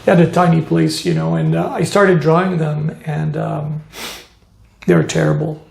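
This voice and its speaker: A man from Montreal, a tattoo artist telling stories in an interview, animated and full of "you know" fillers. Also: a little high, moderate pace, vocal fry, reverberant. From Montreal, Canada. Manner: animated, acts out quoted voices, many "you know" fillers. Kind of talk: storytelling interview.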